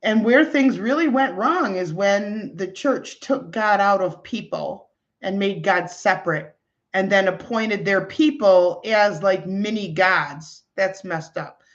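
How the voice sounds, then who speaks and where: A woman spiritual healer giving a talk and leading a guided breathing meditation. She speaks gently and soothingly, with frequent fillers. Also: mid-range voice, takes it slowly. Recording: slightly dull, muffled audio.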